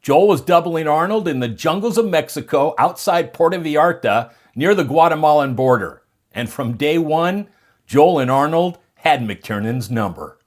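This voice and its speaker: Lively male documentary narrator. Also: on the high side, normal speed.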